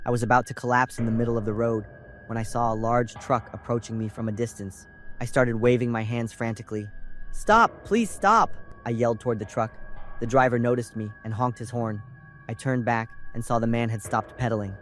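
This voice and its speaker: A young man from California calmly narrating a scripted first-person horror story. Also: medium pitch. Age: young adult. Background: faint music.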